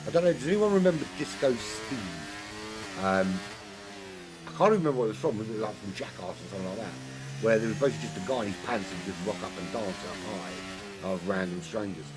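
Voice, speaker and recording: A man doing solo live race commentary, rambling and jokey, getting excited at incidents, his voice worn from a long weekend of talking. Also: fairly low pitch, fast talker, over music. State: losing his voice. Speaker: sim racing commentator.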